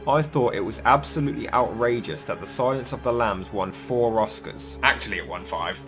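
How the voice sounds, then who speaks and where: A man's voice: mid-range voice, a bit bright. A man giving a scripted, opinionated film review in a blunt, sarcastic manner.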